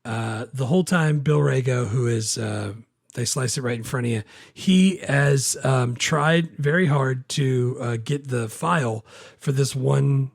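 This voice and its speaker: A man co-hosting a casual movie podcast, laid-back and laughing often, speaking haltingly with many fillers. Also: mid-range voice, vocal fry, no room sound, studio quality. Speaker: podcast co-host.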